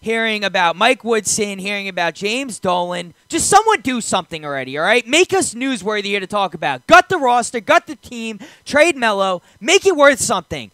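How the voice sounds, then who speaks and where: A man's voice: high voice, sing-song, normal speed, hardly any pauses, a bit bright, no echo. A man co-hosting a casual sports talk show, teasing his partner and sounding exasperated. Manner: teasing, exasperated, laughs a lot. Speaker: co-host.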